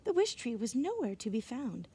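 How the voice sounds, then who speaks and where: A woman reading a children's storybook aloud outdoors, gentle and expressive, sometimes dropping into whispered asides. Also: a little high, moderate pace, breathy edge. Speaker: reader. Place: outdoors in winter. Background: birds chirping.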